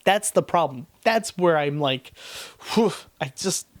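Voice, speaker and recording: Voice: mid-range voice, expressive, unhurried. A person in their twenties giving a casual spoken book review, blunt and frank, swearing freely and rambling with restarts. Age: 20s.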